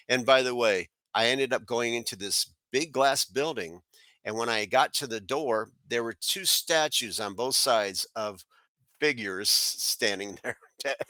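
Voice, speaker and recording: A middle-aged man from South Florida tells a long personal story in a bright, forceful voice that sits a little low. He rambles with plenty of fillers and restarts. The recording is dry and close. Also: no echo. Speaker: guest. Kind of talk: casual storytelling.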